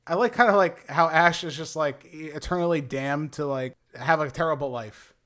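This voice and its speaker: A man's voice: a little high, moderate pace, a bit bright. A young man co-hosting a casual movie review chat, talking with enthusiasm and now and then slipping into a showy announcer tone. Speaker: movie review show co-host.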